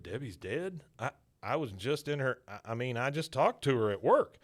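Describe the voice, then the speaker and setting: A man putting on a jittery middle-aged man from a cartoon recap, stammering and flustered, a touch lower and softer than the teller's own voice. He trips over his words as he tries to explain himself. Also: very animated, normal speed. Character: nervous middle-aged man caught in trouble.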